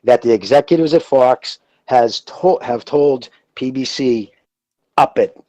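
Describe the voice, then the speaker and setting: A man's voice: mid-range voice, measured pace, dark tone, no room sound, dull audio. A man with a Boston accent calling in to a podcast, talking bluntly and with profanity in casual chat. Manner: blunt, profane, gossipy insider talk. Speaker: caller.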